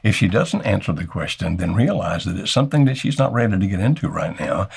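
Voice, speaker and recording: An older man speaks in a low, gravelly register with a husky edge to his voice. He gives marriage advice in a folksy way, playing out small husband-and-wife exchanges as he goes. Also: very animated, quick pace. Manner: folksy, acts out little dialogues with chuckles. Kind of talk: advice talk to camera.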